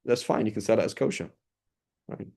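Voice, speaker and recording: A man's voice: lowish voice, fairly quick, mellow, husky. A man giving an informal religious lesson, talking casually and asking his listeners questions as he goes. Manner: casual, conversational, asks listeners rhetorical questions. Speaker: religious teacher.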